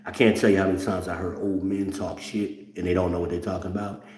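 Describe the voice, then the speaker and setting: A middle-aged man with a low voice rants bluntly and mocks his listeners. His talk is full of profanity. The room around him is echoey. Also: little pitch movement, fast talker, few pauses, a little mellow. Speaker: host. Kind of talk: ranting commentary.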